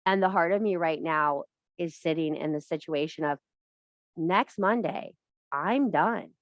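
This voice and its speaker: A woman's voice: low-pitched, a little slow, no room sound, lo-fi sound. Blunt, swearing woman giving a spiritual talk. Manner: blunt and profane, emphatic repetition. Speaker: witchcraft teacher and live streamer. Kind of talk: casual spiritual pep talk.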